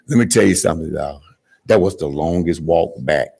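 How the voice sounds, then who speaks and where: A man from Georgia, giving a graduation speech and telling an animated story, calling out to the audience to join in. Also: extremely low pitch, gravelly, breathy edge. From Georgia, USA. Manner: call-and-response with the audience, dramatic swings from hushed to shouting. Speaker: graduation guest speaker.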